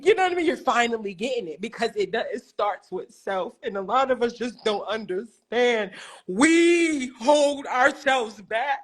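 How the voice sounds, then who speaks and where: A young woman calling into a live stream, talking in an emotional, rambling and effusive way. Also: a little high. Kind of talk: casual chat.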